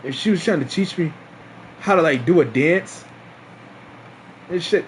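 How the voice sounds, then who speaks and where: Animated young man telling a story. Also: a little high, unhurried, slight background noise. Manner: animated, laughing, slangy with many restarts. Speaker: streamer. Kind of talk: casual storytime.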